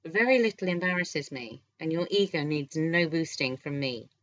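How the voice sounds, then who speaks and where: A playful young career woman with a teasing wit, voiced by a woman narrating a romance audiobook. Her voice sits low, and she tosses off quick, teasing comebacks. The recording is a little dull and lo-fi. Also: no room sound. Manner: teasing, lively, quick retorts.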